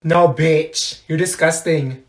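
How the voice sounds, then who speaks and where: A man's voice: on the high side, steady tone, slow. A man doing a rude, snappy teen girl. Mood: annoyed. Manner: snappy and profane. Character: irritated teen girl classmate, blunt and rude. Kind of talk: comedy sketch.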